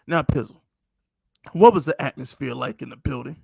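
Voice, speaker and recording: A man's voice: mid-range voice, moderate pace, creaky, darkish tone, husky, no room sound. A man co-hosting a sports podcast in casual chat, blunt, profane and opinionated. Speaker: podcast co-host.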